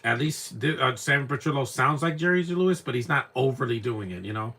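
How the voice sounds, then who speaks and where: A man's voice: medium pitch, lively intonation, fairly quick, bright, forceful tone, husky. A young man giving casual live commentary on an old movie, rambling and repeating words as he searches for names.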